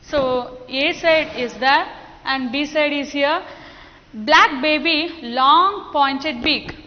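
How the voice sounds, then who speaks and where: A woman teacher with an Indian English accent, slowly explaining a lesson to children and coaxing the class with questions. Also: high voice, a little hiss or hum. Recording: dull lo-fi sound with long echo.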